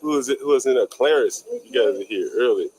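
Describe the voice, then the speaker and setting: A man's voice: medium pitch, fast, darkish tone, a little hiss or hum, rough recording. A man hosting a casual livestreamed street interview outdoors, talking in a loose, rambling way and swearing offhandedly. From Washington, DC. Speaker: host, landlord interviewer.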